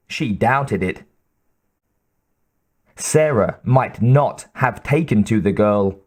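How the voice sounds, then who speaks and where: A man reading an audiobook in a measured, even narration. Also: mid-range voice, husky.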